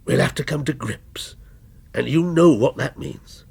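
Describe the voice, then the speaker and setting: A man voicing a menacing policeman who taunts slowly and coldly, in a spoken story reading. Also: mid-range voice, creaky, a little mellow, breathy edge, full character voice. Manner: slow, cold, taunting. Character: menacing male policeman, a vengeful character come alive.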